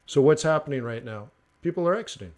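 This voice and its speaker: A man hosting a casual forex trading live stream, talking through charts in a joking, animated way. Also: fairly high pitch, quick pace. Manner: chatty, joking, animated asides with mock voices.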